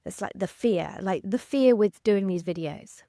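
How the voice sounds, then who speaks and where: A woman hosts a podcast interview as a recovery coach, speaking in a calm, reflective way. Her voice sits in the middle range and sounds dry and close. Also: medium pitch, unhurried, no room sound.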